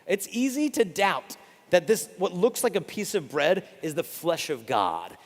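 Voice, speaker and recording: A man's voice: high-pitched, unhurried. A man giving a storytelling sermon, acting out the voices in his anecdotes. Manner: animated, acts out voices in anecdotes. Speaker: preacher. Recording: reverberant hall.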